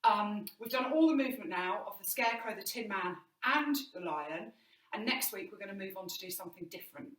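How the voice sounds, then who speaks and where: Woman drama teacher, encouraging, bright tone, demonstrates as she goes, distant mic. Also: mid-range voice, animated, fairly quick, echoey room. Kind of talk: online movement lesson. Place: indoor room.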